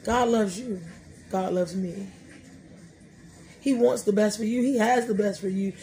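A woman's voice: mid-range voice, unhurried, warm tone, slight background noise. A middle-aged woman hosting a podcast, sharing faith talk in a colloquial, joking, storytelling way. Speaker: podcast host.

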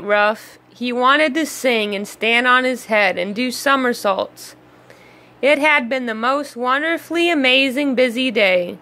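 A woman reads a children's storybook aloud, expressive and unhurried. Her voice is bright and a little high, and she takes her time over every line. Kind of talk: read-aloud storybook narration.

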